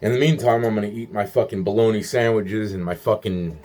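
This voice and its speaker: Low, profane man rambling to himself. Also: brisk, a little mellow, slight background noise. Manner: profane, rambling, with many restarts and quoted asides. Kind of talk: rambling monologue to camera.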